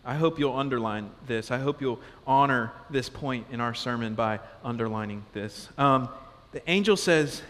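A man preaching a sermon as pastor, conversational and animated, asking the congregation question after question. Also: mid-range voice, normal speed. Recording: long reverb of a large hall.

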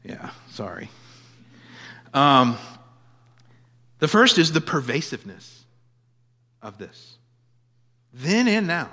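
A man's voice: fairly high pitch, big pitch swings, slow, long pauses. Emphatic preacher man in a reverberant hall. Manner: emphatic, swinging from loud declarations to quiet asides. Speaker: pastor. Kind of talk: sermon.

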